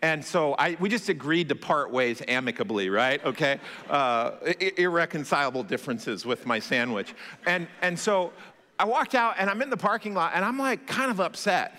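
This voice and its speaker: Animated pastor with bright voice in hall. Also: male voice, a little high, normal speed. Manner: conversational, animated, self-deprecating humor. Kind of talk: sermon with storytelling. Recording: long hall reverb.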